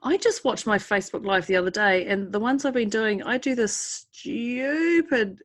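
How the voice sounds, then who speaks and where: A woman's voice: on the high side, normal speed, no echo. Laughing New Zealand woman, dry sound. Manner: laughs often, bursts into silly greetings. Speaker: podcast co-host. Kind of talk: casual chat.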